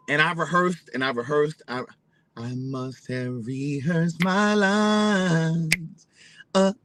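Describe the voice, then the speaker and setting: Bright-voiced man telling a story. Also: high-pitched, rough recording. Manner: animated, profane, repeats phrases for emphasis. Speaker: vlogger. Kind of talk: casual storytelling.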